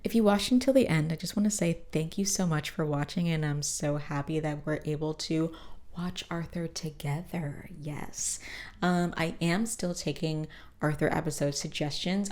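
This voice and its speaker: A low-pitched woman hosts her own show and chattily retells a cartoon episode. She slips into put-on voices for the characters' lines as she goes. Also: steady tone, moderate pace, a little mellow. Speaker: podcast host. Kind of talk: casual episode recap.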